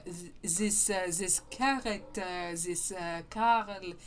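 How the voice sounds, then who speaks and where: A woman voicing a pompous, pretentious art critic in a deliberately bad mock French accent, halting and full of ums. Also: mid-range voice, a little hiss or hum, close to an everyday voice.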